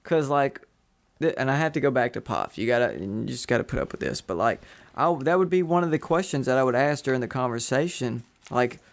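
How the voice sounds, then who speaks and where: This man hosts a casual podcast chat and wanders through his thoughts, full of fillers and restarts. His voice sits at a middling pitch with a gravelly, creaky edge. He never settles into a tidy sentence. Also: lively intonation, brisk. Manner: rambling, lots of fillers and restarts. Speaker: podcast host.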